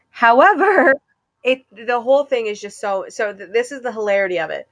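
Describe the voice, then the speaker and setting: A woman co-hosting a podcast, chatting casually and retelling a story in an animated, giggly way with lots of "like". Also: a little high, normal speed, lo-fi sound. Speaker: podcast co-host. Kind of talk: casual chat.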